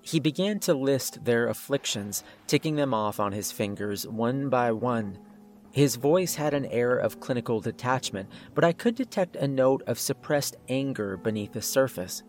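A man's voice: mid-range voice, normal speed, faint music behind. Man narrating a horror story.

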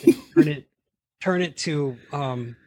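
A man chatting casually about movies in a laid-back, dry way, often trailing off softly. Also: fairly high pitch, slow pace, crowd noise.

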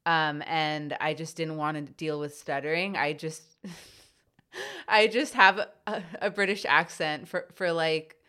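A young woman chats in a nervous, giggly way. Her voice is fairly low and smooth, with a resonant tone. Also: bright, forceful tone. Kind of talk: casual conversation.

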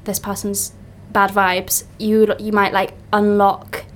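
A woman co-hosting a podcast in casual chat, enthusiastic and quick to agree and laugh. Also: mid-range voice, completely flat delivery. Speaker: podcast co-host.

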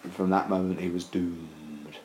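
A deep-voiced storyteller rambles through a casual comic tale at a moderate pace, deadpan and full of fillers. The recording has a roomy echo with faint ambience and slight background noise.

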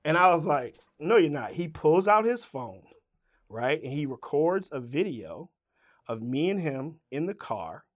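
Unhurried and very animated, this man's voice runs a little high. He's a middle-aged Richmond, Virginia rapper guesting on an interview, swearing through an animated story and voicing both sides of each exchange himself.

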